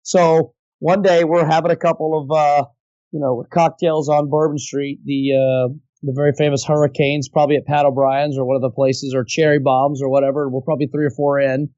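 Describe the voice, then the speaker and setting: A man, a voice actor guest, telling an animated, chatty story in a podcast interview. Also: fairly high pitch, brisk, no room sound, dull audio. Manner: animated, chatty, slips into impressions.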